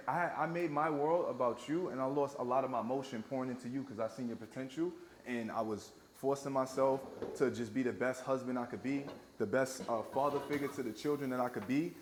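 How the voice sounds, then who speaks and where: A man from New York talks earnestly, stumbling and repeating words as he makes his case. His mid-pitched voice carries a roomy echo, with faint noise in the background. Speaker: guest. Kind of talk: candid conversation over a meal.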